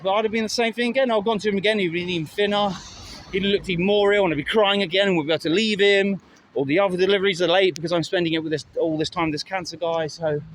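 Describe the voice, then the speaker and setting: A middle-aged man talking candidly and rambling in a casual vlog, recorded outdoors by a road, swearing now and then. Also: high voice. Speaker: vlogger. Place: outdoors by a road with passing traffic. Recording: outdoor phone recording with faint traffic. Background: faint traffic and street sounds.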